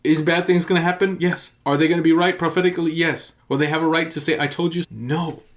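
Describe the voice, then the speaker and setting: A man's voice: fairly high pitch, steady tone, fast talker. A man, a pastor, teaching in an earnest and emphatic sermon style, telling a story and repeating key phrases for emphasis.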